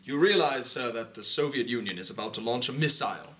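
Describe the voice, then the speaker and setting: A man's voice: mid-range voice, expressive, fairly quick, bright, forceful tone. A man playing a polite, weary male secret agent in an amateur comedy sketch, answering dryly and deferentially. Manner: dry, deferential, says sir constantly.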